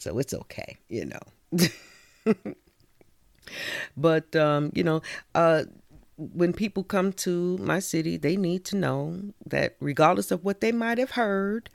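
Gravelly New York woman, lively storyteller. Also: sits low, no room sound, clean studio sound. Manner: chatty, laughs often, many "you know" fillers. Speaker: spoken-word poet and storyteller. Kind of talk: poem recital, then casual monologue.

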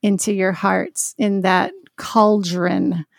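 A woman speaking as a podcast guest in a Christian conversation, earnest and heartfelt, with soft laughs. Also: medium pitch, little pitch movement, slow, gravelly, dry recording, studio quality.

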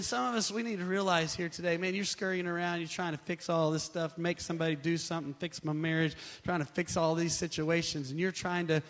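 A male pastor preaching with a high, bright voice. He shifts between soft, talky stretches and loud, drawn-out declarations, leaning hard on key words. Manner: builds from quiet to shouting, dramatic slow emphasis. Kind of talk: sermon.

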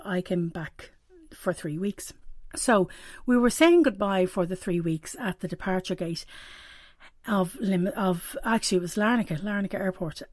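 A woman's voice: mid-range voice, a little mellow, dry recording. Middle-aged woman, candid and self-deprecating, dry close-mic read of a personal reflection. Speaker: weekly reflection presenter.

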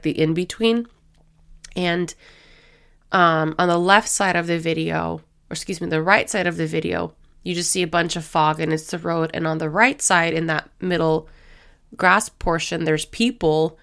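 A woman's voice: low-pitched, fairly even intonation, normal speed, creaky, a bit bright. A woman hosting a faith-based podcast, talking in a chatty, rambling way and acting out little quoted voices as she goes. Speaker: podcast host.

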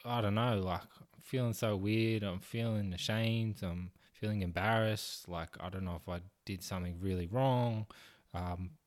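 A man's voice: lowish voice, steady tone, measured pace, close to an everyday voice. A man voicing a young schoolboy, confused and ashamed, telling his story in a flustered, pleading way.

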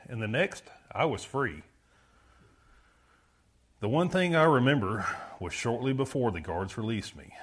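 A man's voice: medium pitch, a bit bright, husky. A man playing a guilty, defiant male rebel prisoner in a dramatic first-person monologue, brooding and self-justifying.

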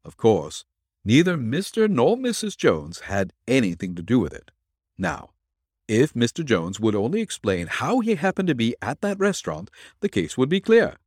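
In an audiobook, a man voices a blustering police superintendent, emphatic and pressing, pitching himself above his own natural voice. The delivery has big pitch swings at normal speed and a slightly rough, somewhat mellow tone. It's clean studio sound with no room ambience.

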